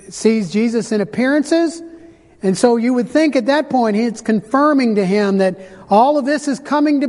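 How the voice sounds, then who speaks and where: A man preaching a sermon, retelling scripture with dramatic pauses and slowed emphasis. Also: very high voice, a little mellow. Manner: dramatic storytelling, slows for emphasis. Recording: hall reverb.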